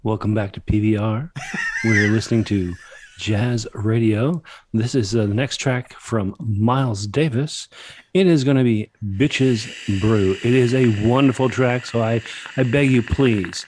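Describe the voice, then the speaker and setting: A man's voice: fairly low pitch, unhurried, slight background noise, lightly acted. A man doing a soothing late-night jazz DJ. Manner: calm, soothing announcer patter. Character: smooth late-night male jazz radio DJ.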